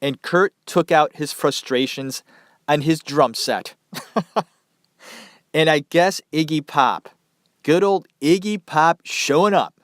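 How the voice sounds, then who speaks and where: Male podcast host, nasal and congested with a cold, unhurried, dry close sound, casual and profane. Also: fairly high pitch, a bit bright, no room sound. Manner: loose and profane, chatty asides. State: stuffy head cold.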